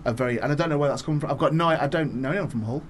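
Fast-talking northern English man. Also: on the high side, over a noisy crowd. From Northwest England. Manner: rambling, self-interrupting, laughs often. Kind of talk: casual chat.

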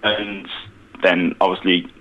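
A man's voice: deep voice, little pitch movement, slow pace, lo-fi sound. A man calling in to a radio show by phone, an easygoing listener who works as a DJ. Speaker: caller, listener and DJ. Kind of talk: phone-in chat. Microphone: phone call.

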